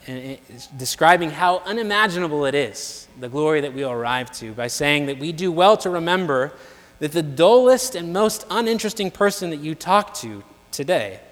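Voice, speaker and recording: Male preacher, somewhat high voice, earnest and measured, stacks repeated phrases, long church reverb. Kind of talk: sermon. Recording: long reverb of a large hall.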